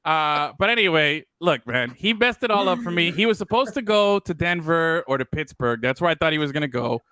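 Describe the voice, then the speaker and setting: Bright, crisp-voiced man rambling about football. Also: a little high, expressive, a little fast, no room sound. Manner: loose and profane, rambling with fillers. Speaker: podcast co-host. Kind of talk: casual sports talk.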